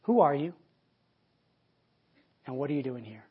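A man voicing a calm, thoughtful old male rabbi, speaking softly and musingly. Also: sits high, fast, husky, phone-quality sound. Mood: wry.

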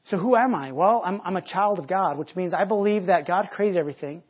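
Husky man preaching conversationally. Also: high voice, brisk, dull audio. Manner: conversational storytelling with many restarts. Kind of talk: sermon.

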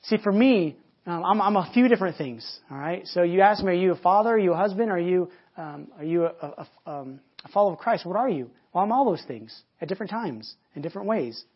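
A man's voice: sits high, expressive, fast talker, husky, dull audio. A man preaching a sermon, telling a story in a conversational way with many restarts and repeated words.

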